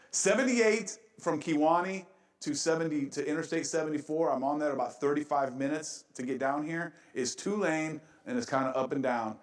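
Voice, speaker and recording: A man's voice: a little high, moderate pace, distant mic. A male pastor preaching a sermon with a joking, self-mocking manner and frequent laughs, recorded in a church sanctuary. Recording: very echoey church room.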